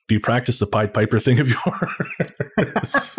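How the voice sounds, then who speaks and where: A man co-hosting a podcast, casually reading listener letters aloud in a relaxed, halting way with frequent fillers. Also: medium pitch, slight background noise. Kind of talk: casual chat.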